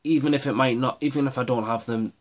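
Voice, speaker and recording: On his miniatures gaming channel, a man discusses tactics quickly in a steady, mid-range voice. His delivery is casual and enthusiastic but rambling, with many restarts.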